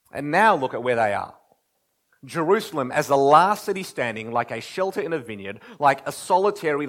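A man preaching with real passion, his fairly high voice rising and falling in a lively way. He drops to near whispers, then swells back into urgent pleading. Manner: impassioned, swings from loud pleading to hushed near-whispers. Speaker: pastor. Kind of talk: sermon.

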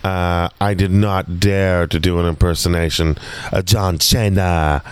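A man's voice: low voice, flat delivery, normal speed, clear, resonant tone. A man hosting a podcast, chatting casually and rambling with many fillers and restarts. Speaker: podcast host. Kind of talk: casual chat.

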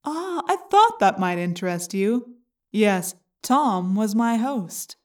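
A woman voicing a gloating male alien parasite in an audiobook, slow and mocking. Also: mid-range voice, sing-song, recorded from a distance. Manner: slow, taunting, smug. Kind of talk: audiobook character reading.

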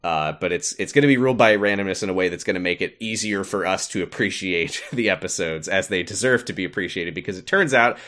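A man's voice: low-pitched, fast talker, hardly any pauses, pushed and bright. A man co-hosting a casual podcast, reading out the support tiers with wry, offhand swearing. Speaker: podcast co-host. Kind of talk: casual podcast chat, reading sponsor thanks.

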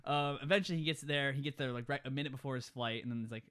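A man's voice: medium pitch, rapid-fire, a bit bright, smooth. A man in casual chat retelling a movie plot, acting out characters' lines with laughs.

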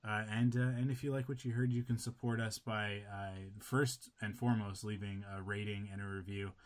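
A man's voice: fairly low pitch, fairly even intonation, normal speed. A man hosting a podcast, signing off in a loose, rambling way with lots of fillers. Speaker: podcast host. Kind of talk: casual podcast chat.

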